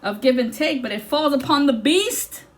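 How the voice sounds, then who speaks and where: A woman's voice: sits high, lively intonation, moderate pace. A woman giving an intuitive tarot reading in an intense, blunt and profane way. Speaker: tarot reader.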